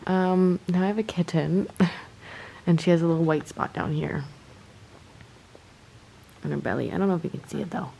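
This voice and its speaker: A woman's voice: normal speed, creaky, long pauses, dark tone, a little hiss or hum, low-quality recording. Chatty young woman vlogging at home. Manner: chatty, switches to high baby talk with the kitten. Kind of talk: casual vlog chat. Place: home bedroom, indoors.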